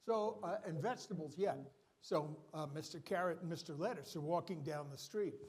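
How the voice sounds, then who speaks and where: Older male speaker, New Jersey accent, high-pitched, chatty asides and dad jokes. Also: moderate pace, a little mellow. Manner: joking, self-deprecating, rambling asides. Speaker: conference speaker. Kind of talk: live conference presentation.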